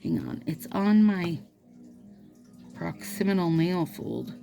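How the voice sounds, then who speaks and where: A woman's voice: on the low side, lively intonation, slow, gravelly, dark tone, soft background music. A woman chatting casually to her viewers while doing her nails, rambling and playful with asides. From Minnesota. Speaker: nail vlogger. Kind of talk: casual chat to camera while applying nail strips.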